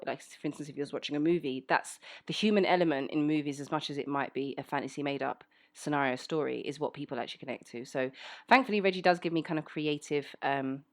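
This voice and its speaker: In a casual Q&A for a voice actor, a low-voiced woman from South London reads listener questions aloud and chats frankly, with lots of "um"s. Her South London English accent is fairly well-spoken.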